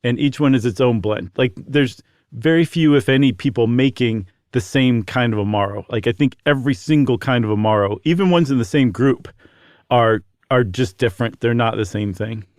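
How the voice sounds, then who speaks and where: A man's voice: mid-range voice, normal speed, a little mellow, no room sound, clean studio sound. Chatty podcast man explaining things. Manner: chatty, explains things with lots of fillers and asides. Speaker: podcast co-host. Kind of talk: casual explanatory chat.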